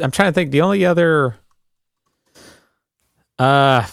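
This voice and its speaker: A man's voice: a little high, measured pace, creaky, dry recording, studio quality. A man co-hosting a casual podcast, talking in an easygoing, hesitant way with many ums. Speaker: podcast co-host. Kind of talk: casual chat.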